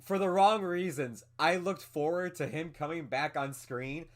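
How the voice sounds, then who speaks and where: A man's voice: a little high, measured pace. A man co-hosting a movie podcast, talking in a rambling casual way with frequent laughs and fillers. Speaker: podcast co-host. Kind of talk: casual movie review chat.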